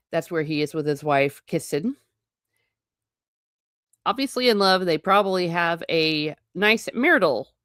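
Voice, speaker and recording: Low-voiced woman hosting a book reading. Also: fairly bright tone, no echo, clean studio sound. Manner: chatty, wry asides. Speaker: book channel host. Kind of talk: live book reading with commentary.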